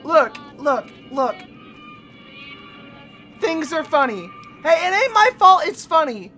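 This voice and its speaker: A woman live streaming, reacting to a video in casual, excitable chat and swearing freely. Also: high voice, slow, faint music behind.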